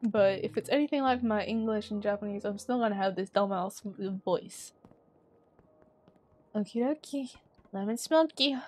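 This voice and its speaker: A woman streaming a game, chatting casually and swearing at it in sudden loud bursts. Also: mid-range voice, normal speed. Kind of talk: casual gaming commentary.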